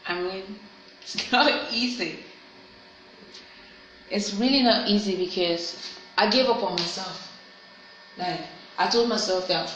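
A woman's voice: mid-range voice, takes it slowly, pauses often, a bit bright, a little hiss or hum. Earnest woman in an echoey room. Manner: earnest, heartfelt, self-encouraging. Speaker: vlogger. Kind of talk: personal reflective monologue.

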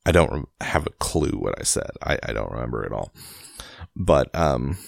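A man's voice: a bass voice, very animated, moderate pace, creaky, no room sound, studio quality. A man hosting a casual podcast, reading a book aloud at home in his basement late at night and rambling with a self-deprecating, laughing manner. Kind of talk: casual storybook reading and chat.

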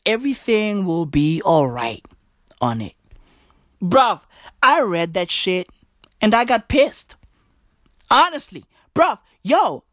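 A woman's voice: on the high side, fairly bright tone, no echo, studio quality. A woman delivering a profane comic rant, full of slang, swearing and emphatic repeats. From South Africa.

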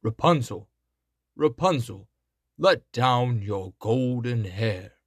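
A bold young prince from a fairy tale speaks eagerly at a slow pace, voiced by a man reading the story. The voice is a little husky and dry. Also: mid-range voice, sing-song, dry recording, full character voice.

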